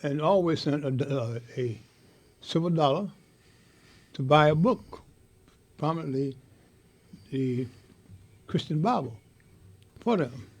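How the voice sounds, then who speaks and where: An older man telling a heartfelt story in an interview, speaking with impassioned, halting repetition. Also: a little high, expressive, husky. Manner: impassioned, halting, repeats words. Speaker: interviewee, veteran.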